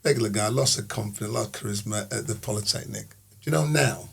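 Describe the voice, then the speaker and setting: A middle-aged man, a podcast guest telling lively anecdotes in casual chat and often repeating words. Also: lowish voice, fast, creaky, breathy edge. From Sheffield, England.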